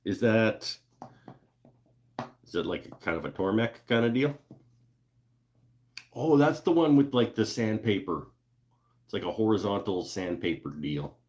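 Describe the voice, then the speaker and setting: Chatting with viewers from his woodworking shop, a man reads their comments in a laid-back, joking manner packed with fillers and laughs. His lowish, slightly mellow voice is animated, and he speaks unhurriedly, pausing often.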